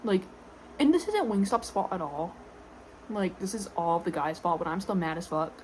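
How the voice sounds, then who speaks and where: A young woman ranting casually to camera, exasperated and swearing, filling every pause with "like" and frequent sighs. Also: fairly low pitch, animated, darkish tone, slight background noise, poor audio. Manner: exasperated, swearing, constant "like" fillers, sighing. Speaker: vlogger.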